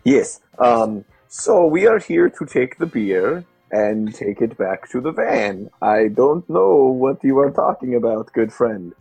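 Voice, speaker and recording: A man voicing a stiff, overly polite foreign male smuggler who speaks very slowly. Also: lowish voice, lively intonation, creaky, warm tone, breathy edge, no echo, soft background music, heavily acted.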